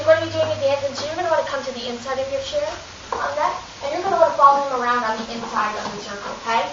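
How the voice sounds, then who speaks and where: A woman's voice: high voice, rapid-fire. Woman running a kids play rehearsal, upbeat, encouraging, dull hissy recording from far off. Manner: upbeat, encouraging, gives step-by-step instructions. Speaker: drama workshop teacher. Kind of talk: directing a children's rehearsal. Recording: distant, echoey, dull lo-fi recording with hiss.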